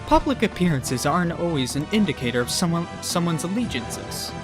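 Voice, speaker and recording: A man's voice: a little high, sing-song, fairly quick, over music. A man reading the lines of a cunning, teasing young woman spy from a video game in a smug tone.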